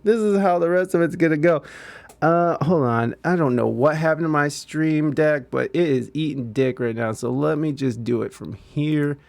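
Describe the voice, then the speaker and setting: A man's voice: a little high, moderate pace, gravelly, a little mellow. A man hosting a podcast in loose casual chat, laughing often and swearing freely. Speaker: podcast host.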